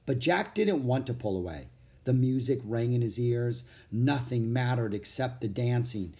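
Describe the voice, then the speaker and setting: A man narrates a children's book as an audiobook, telling the story in an expressive, animated way. His voice is medium in pitch at normal speed.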